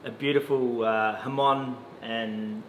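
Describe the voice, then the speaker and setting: A man as a guest on a wine show, chatting in a relaxed, easy-going way. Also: mid-range voice, slow, background noise. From Australia. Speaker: guest distiller. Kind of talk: casual chat. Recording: echoey room with music behind.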